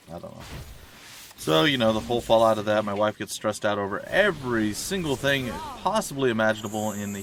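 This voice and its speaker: A man with a lowish voice talks through a video game stream in a loose, rambling way. He jokes at his own expense and drifts into asides from his day. Soft game music plays faintly behind him. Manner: chatty, self-mocking, meandering asides. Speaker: let's play streamer. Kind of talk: casual rambling gameplay commentary. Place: at home.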